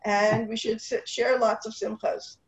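A woman's voice: on the high side, level tone, a little slow. A middle-aged woman speaking in a heartfelt, rambling way over a video call, mixing in Hebrew and Yiddish words. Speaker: speaker at a women's Torah class gathering. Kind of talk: casual heartfelt talk. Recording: dull lo-fi video call audio with room echo.

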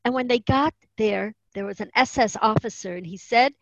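A woman's voice: fairly high pitch, normal speed, no room sound. A woman giving an earnest religious lesson, explaining Hebrew terms and telling stories. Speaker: teacher of Jewish tradition. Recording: dull, muffled dry recording.

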